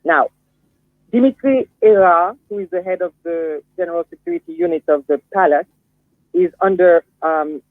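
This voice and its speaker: A woman, a guest commentator, giving a measured explanation with frequent fillers in a phone-in discussion. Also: fairly low pitch, no echo. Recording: tinny, dry phone line.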